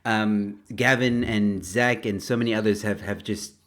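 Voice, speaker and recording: A man's voice: fairly low pitch, fairly even intonation, normal speed, fairly bright tone. A man hosting a comedy headline show, switching between upbeat announcer intros and loose, chatty asides. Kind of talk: casual comedic podcast hosting.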